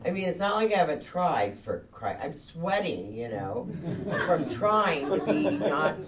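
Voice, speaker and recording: A woman's voice: low voice, sing-song, a little slow. A woman speaking at a recovery meeting, telling her story candidly and laughing at herself as she goes. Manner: candid and self-mocking, laughs often. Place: meeting room. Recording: distant mic with faint noise.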